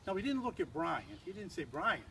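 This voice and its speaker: A man's voice: high-pitched, very animated, quick pace, slight background noise. An older man giving a humorous toast at an engagement party, a rambling, teasing storyteller who restarts often.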